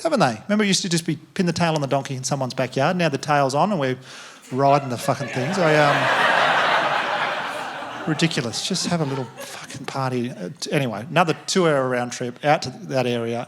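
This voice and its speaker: Animated stand-up man. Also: on the high side. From Australia. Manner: animated, self-mocking, acts out quoted voices. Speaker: stand-up comedian. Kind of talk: stand-up storytelling. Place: theatre stage before a live audience.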